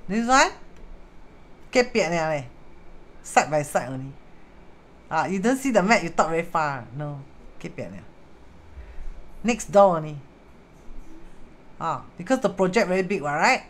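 A woman's voice: on the low side, big pitch swings, a little slow, long pauses. A woman with a Singaporean accent, a feng shui teacher chatting casually on a live stream, dropping in Hokkien and Mandarin words and greeting viewers as she goes. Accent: Singaporean English. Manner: greets viewers mid-explanation.

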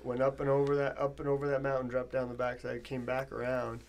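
A man casually telling a hunting story on a podcast, often dropping low and quiet, swearing and laughing. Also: monotone, fast, creaky. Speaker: podcast guest, bowhunter.

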